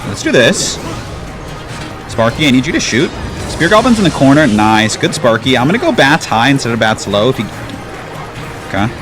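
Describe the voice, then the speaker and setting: With a sing-song, mid-range voice, this gaming YouTuber chats easily over his gameplay, leaning heavily on "like." He keeps a moderate pace with long pauses, and game music plays behind him.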